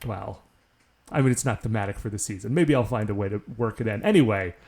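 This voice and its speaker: A man's voice: fairly low pitch, fast, a little mellow. A man co-hosting a podcast in casual chat, rambling with lots of filler words. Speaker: podcast co-host.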